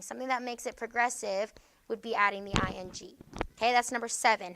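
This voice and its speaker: A woman teacher patiently explains grammar to her class, often checking comprehension with a fast "okay?". Her fairly high voice is bright, forceful and steady, and the recording carries a little hiss or hum.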